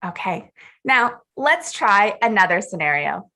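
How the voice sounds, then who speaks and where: A woman teacher trainer giving an upbeat webinar presentation, clearly enunciating her instructions. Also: on the high side, expressive, a little slow, pushed and bright.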